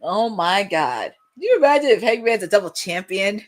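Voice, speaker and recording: A young woman hosting a live watch-along, chatting and reacting excitedly with frequent laughs. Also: mid-range voice, normal speed.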